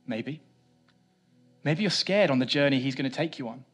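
A man preaching a sermon, swinging between loud emphatic lines and quiet low ones, with a self-mocking touch. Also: moderate pace, faint music behind. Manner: animated preaching, rising loud for emphasis then dropping soft. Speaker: pastor.

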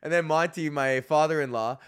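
A man's voice: a little high, brisk, smooth. A man who hosts a podcast and does stand-up, telling stories in a casual, profane rant and acting out the voices of the people in them. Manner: animated, profane, acts out voices in his stories. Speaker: podcast host and comedian.

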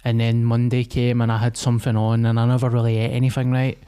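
Speaking fast in a smooth, dark, mid-range voice with a completely flat delivery, this young Scottish podcast co-host swears heavily. He tells a rant in casual conversation, acting out quotes along the way.

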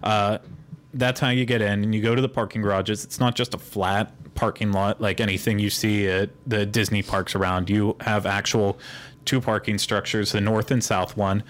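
A man's voice: on the low side, level tone, normal speed. A man with a Pittsburgh accent hosting a podcast, explaining in a rambling, digressive way in casual chat. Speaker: podcast host.

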